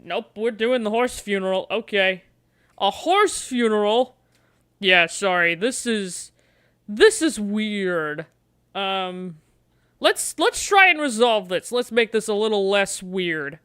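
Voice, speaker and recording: A woman streaming a gamebook, chatting playfully and coaxing her dice. She talks at an unhurried pace with a bright, clear tone. The sound is dry and close. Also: mid-range voice, expressive, dry recording. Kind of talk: livestream playing a gamebook.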